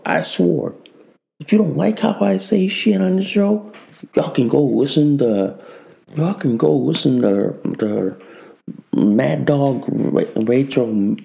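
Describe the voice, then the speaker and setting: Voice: medium pitch, creaky, mellow. A show host delivering an angry, profane political commentary monologue, repeating lines as they rant. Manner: profane, ranting, repetitive. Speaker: podcast host.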